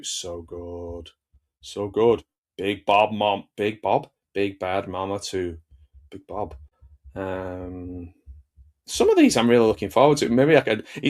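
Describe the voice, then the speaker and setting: A man chatting casually as a film reviewer, rambling and enthusiastic, with jokey asides. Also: fairly low pitch. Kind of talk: casual chat.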